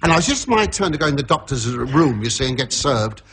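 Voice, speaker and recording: A hoarse man doing a rambling stand-up routine, telling a story in a chatty way that keeps breaking off and restarting. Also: mid-range voice, sing-song, brisk, a bit bright. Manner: rambling, chatty storytelling with self-interruptions and laughs. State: hoarse from laryngitis. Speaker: comedian.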